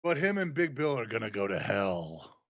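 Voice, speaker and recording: A man co-hosting a casual review show over a call, calm, dry and understated. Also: fairly low pitch, moderate pace, no room sound, dull audio. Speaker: podcast co-host. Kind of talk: casual chat.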